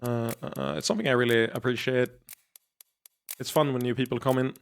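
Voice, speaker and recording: A male streamer chats casually through a story game. He rambles and swears freely, in a mid-pitched voice. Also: fairly even intonation, a little fast, gravelly, smooth. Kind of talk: live-stream game commentary.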